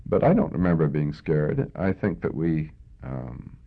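An older Canadian man speaks in a very deep, gravelly voice with a husky edge. He reflects slowly, pausing and restarting as he recalls events. The sound is thin and tinny, like an old phone-line recording. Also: sing-song. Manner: reflective, hesitant with many fillers. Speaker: veteran interviewee. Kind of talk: oral history interview.

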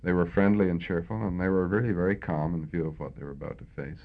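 Very deep gravelly older man. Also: steady tone, fast talker. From Canada. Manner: reflective, hesitant with many fillers. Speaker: veteran interviewee. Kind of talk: oral history interview. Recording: tinny phone-like lo-fi recording.

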